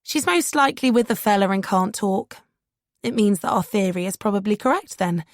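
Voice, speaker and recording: A woman's voice: mid-range voice, expressive, a little fast, no room sound, lightly acted. A frank young female reporter offering blunt, wry reassurance, voiced by a woman narrator. Her tone is matter-of-fact, in a close, dry reading.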